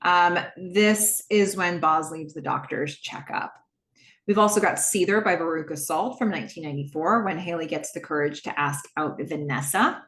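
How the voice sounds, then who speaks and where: A woman's voice: on the low side, normal speed, reverberant. A woman hosting a podcast, casually recapping a TV episode, acting out the characters' lines and laughing often. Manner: retells scenes, acting out lines in shifting voices; laughs often, lively and amused. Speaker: podcast host.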